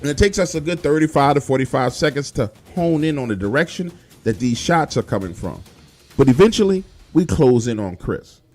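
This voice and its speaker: Lively, profane male storyteller. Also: mid-range voice, brisk, faint music behind. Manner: casual, profane, emphatic. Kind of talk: first-person horror storytelling.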